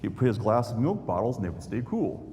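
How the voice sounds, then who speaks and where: A man's voice: mid-range voice, big pitch swings, a little fast, warm tone. A man, a YouTuber giving a folksy storytelling talk to an audience. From Indiana, USA. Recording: long hall reverb, faint noise.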